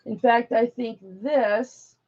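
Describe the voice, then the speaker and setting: A woman hosts a jewelry auction livestream in an unhurried, rambling way. Her voice has a gravelly, creaky texture. She speaks warmly to her viewers, and the sound is a little dull and lo-fi. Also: fairly high pitch, fairly even intonation. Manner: affectionate, emotional, rambling, addresses viewers as honey and baby. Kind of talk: casual livestream chat.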